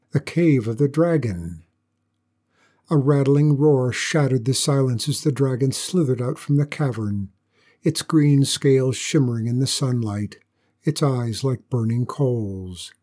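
A man reading a storybook aloud as narrator, in a calm, steady manner. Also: medium pitch, husky.

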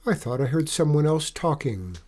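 A stern but loving mother dragon, as a male narrator plays her, lecturing her son in a measured voice. The tone stays warm and dark. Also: a little high, expressive, pitched above the performer's own voice.

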